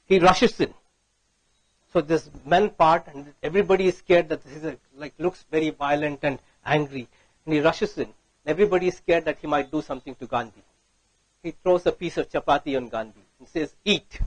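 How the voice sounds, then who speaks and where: A man's voice: a little high, brisk, slightly rough, no room sound, rough recording. A man giving a conference talk, telling a story and often checking in with "right?". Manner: storytelling, frequent "right?" tag questions. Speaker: speaker.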